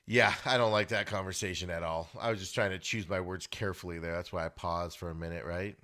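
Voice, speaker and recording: A man hosting a sports podcast, giving opinionated casual commentary and getting loud and high when worked up. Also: steady tone, quick pace. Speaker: podcast host. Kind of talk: casual sports talk monologue.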